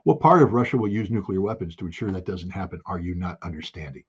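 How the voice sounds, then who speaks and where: A man giving impassioned spoken commentary, emphatic and forceful, hammering home key phrases by repeating them. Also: low voice, quick pace, husky, highs cut off. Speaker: political commentator.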